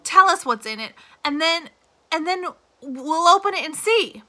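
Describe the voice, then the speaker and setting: A woman's voice: very high-pitched, expressive, unhurried, bright, forceful tone, pitched above the performer's own voice, exaggerated voice. A woman reading aloud and voicing a firm, urgent woman lawyer.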